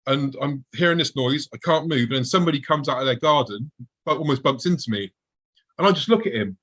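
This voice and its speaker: Guest: husky-voiced man, middle pitch, telling a story vividly. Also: animated, fairly quick, fairly bright tone, poor audio. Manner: vivid storytelling, acting out his own past thoughts. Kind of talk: recounting a personal encounter.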